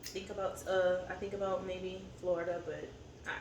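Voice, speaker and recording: A woman's voice: lowish voice, level tone, normal speed. A woman talking candidly over a meal, her words rambling and unpolished as she vents. She sits back from a camera in a roomy space, with a faint hum of ambience behind her. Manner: candid, venting, rambling with fillers. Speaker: co-host of a family eating channel. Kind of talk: casual chat over a meal. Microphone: camera set up at a distance. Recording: roomy echo, distant mic, faint ambience.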